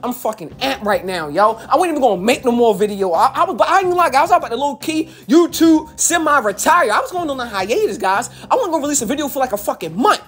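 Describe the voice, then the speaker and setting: A woman's voice: high-pitched, animated, fast, few pauses. A woman from Baltimore, a YouTube commentator and rapper, delivering a hyped, profane reaction rant to camera and repeating phrases for emphasis.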